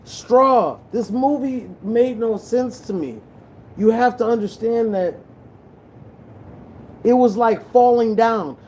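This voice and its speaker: A man's voice: very high voice, slow pace, pauses often, a little mellow, slight background noise, poor audio. A young man rambling casually about movies while he edits, profane and loose, with many restarts. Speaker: movie vlogger.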